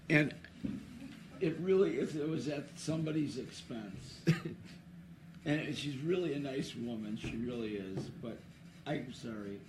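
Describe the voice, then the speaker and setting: A man with a slightly high voice tells a loose, rambling story into a microphone at an awards ceremony for a trivia contest. He keeps laughing and restarting his sentences. A faint hum of the hall stays in the background.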